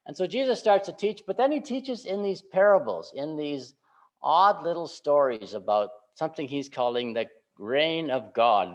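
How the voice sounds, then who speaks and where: A male pastor giving a relaxed, conversational sermon, often checking in with the congregation by asking "right?". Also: fairly high pitch. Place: church sanctuary. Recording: slightly muffled church recording.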